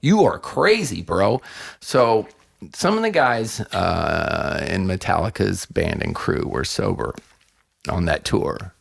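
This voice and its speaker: A gravelly middle-aged man telling his own story as a podcast guest. His voice swings up and down as he gets into it, and he acts out the voices of people he quotes. He swears freely and talks in a raw, candid way. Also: sits low, big pitch swings, slow pace.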